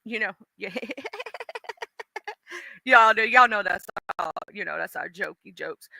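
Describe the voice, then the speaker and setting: Bright-voiced chatty woman streamer. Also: on the high side, vocal fry, no room sound. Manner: chatty, greets commenters by name, slangy asides. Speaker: livestream host. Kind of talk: casual gossip chat with viewers.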